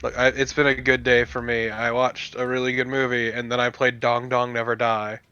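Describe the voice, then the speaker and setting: A man riffing beside a friend on a live game stream, teasing and jokey. His voice is mid-pitched and bright with a sharp edge. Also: monotone, moderate pace, clear, resonant tone, no echo, highs cut off. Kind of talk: casual live-stream banter.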